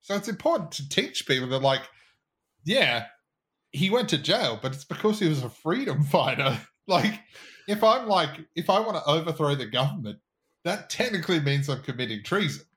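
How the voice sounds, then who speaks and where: A man's voice: on the high side, very animated, moderate pace, fairly bright tone. A man co-hosting a casual podcast, ranting in a fired-up way and swearing freely. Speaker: podcast co-host.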